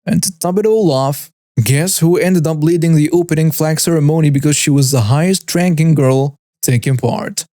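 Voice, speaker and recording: Man narrating stories with a mellow tone. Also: a little high, moderate pace, dry recording, studio quality. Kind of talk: scripted narration of online stories.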